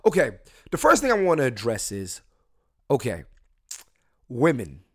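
A young man hosting a solo podcast from his room at home, drunk and high, talking loosely and jokingly, with mumbled asides that break into loud emphatic bursts. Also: huge pitch swings, a little slow, slightly rough. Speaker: podcast host. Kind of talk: casual solo podcast rant.

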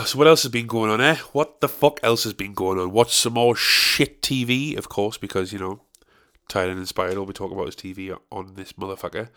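A man's voice: on the low side, normal speed, a bit bright. A man, ranting profanely and rambling as a podcast host. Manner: rambling, profane ranting with sudden outraged peaks. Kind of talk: casual chat.

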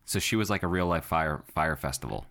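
A man co-hosting a podcast in casual chat, chiming in with quick jokes and short questions. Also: a bass voice, fairly bright tone. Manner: jokey, chimes in with short questions. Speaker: podcast co-host.

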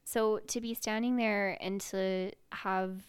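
A woman co-hosts a podcast with a playful, jokey manner. She throws in quick asides and teasing comebacks during easy conversation with her co-host. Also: medium pitch, steady tone, clear, resonant tone. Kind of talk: casual chat.

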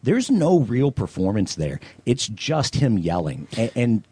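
A man's voice: mid-range voice, big pitch swings, measured pace, dark tone, slightly rough, no echo. A man from the American South, co-hosting a podcast and giving blunt, opinionated movie takes with lots of ums and restarts. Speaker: podcast co-host. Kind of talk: casual movie-review chat.

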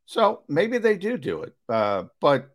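A man co-hosting sports talk radio, measured and explanatory as he lays out his view for listeners. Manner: measured, explanatory, with fillers and restarts, lively pitch.

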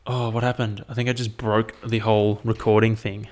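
A man's voice: lowish voice, flat delivery, a little fast, a little mellow. A young man hosting a solo podcast, chatting casually and rambling with frequent swearing. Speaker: podcast host.

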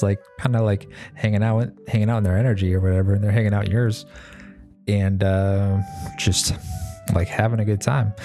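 Low-voiced man rambling casually. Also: warm tone. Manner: rambling, with many fillers and restarts; laid-back, swears casually. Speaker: mechanic. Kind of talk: casual monologue.

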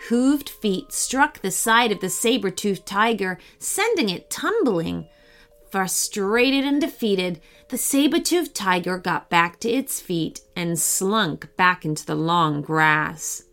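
Slow, expressive woman reading a story. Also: mid-range voice, faint music behind. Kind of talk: children's bedtime story reading.

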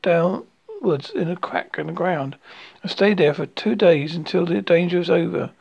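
Raspy husky reader doing a kids storybook, lots of restarts. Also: mid-range voice, big pitch swings, darkish tone. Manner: halting reading with frequent slips and restarts. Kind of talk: reading a children's storybook aloud. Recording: dull lo-fi recording.

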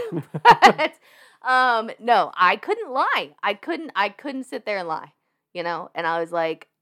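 Guesting on a podcast, a young woman shares a personal story in a slow, mid-range voice. Her casual storytelling is animated and full of laughter, with lots of filler words along the way.

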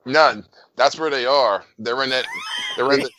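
A man's voice: medium pitch, bright, forceful tone, slight background noise, rough recording. A man co-hosting a casual podcast, swearing and stumbling over his words. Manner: profane, halting. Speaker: podcast co-host.

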